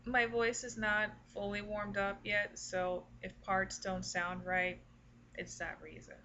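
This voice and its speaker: A woman giving a casual singing lesson, explaining tips slowly and deliberately, breaking off to demonstrate with her voice. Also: mid-range voice, level tone, bright, forceful tone, dull audio, a little hiss or hum. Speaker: singing teacher.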